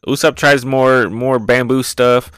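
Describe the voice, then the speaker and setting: Excitable man, rambling casual review, dry close sound. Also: medium pitch, measured pace, clean tone, dry recording. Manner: excitable, rambling, repeats words. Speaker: podcast host reviewing manga. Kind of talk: casual chat.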